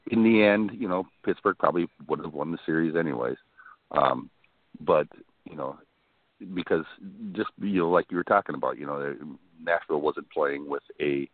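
A man's voice: rumbling low, no echo. A man with a Northern US accent, co-hosting a casual sports talk show, rambling with many fillers and restarts. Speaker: co-host. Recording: tinny phone-like line.

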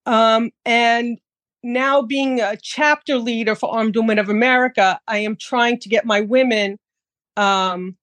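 A woman's voice: on the high side, fairly even intonation, measured pace, fairly bright tone, no room sound. A woman guest talking casually about teaching firearms classes, chatty, with frequent fillers. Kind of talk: casual interview.

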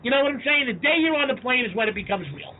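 High-voiced, fast-talking man on a tinny line. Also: a little hiss or hum. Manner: animated storyteller, acts out quoted voices, swears freely. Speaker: podcast co-host. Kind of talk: casual chat. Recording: tinny phone-like sound.

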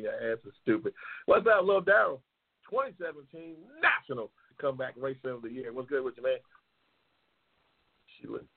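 Brief: male talk host, gravelly and husky, brash and profane, tinny phone-quality audio. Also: mid-range voice. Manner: loud, profane and excitable, yelling at times. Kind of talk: casual livestream chat, reading race matchups.

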